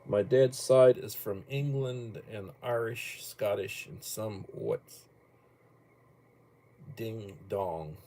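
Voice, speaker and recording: A man's voice: on the low side, slow, warm tone. An older man hosting a casual livestream from home, rambling bluntly and cursing casually between topics. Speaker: livestream host.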